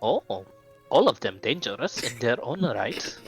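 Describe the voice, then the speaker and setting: An ancient owl, a watcher of a mysterious island, speaks slowly and gravely, as a man puts it on. Its voice sits mid-range, with faint music playing behind it. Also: mid-range voice, sing-song.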